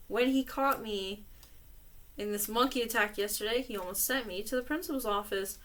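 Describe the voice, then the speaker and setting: A woman's voice: fairly high pitch, a bit bright. A woman reading letters aloud with commentary, laughing often between lines. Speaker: reader and commentator.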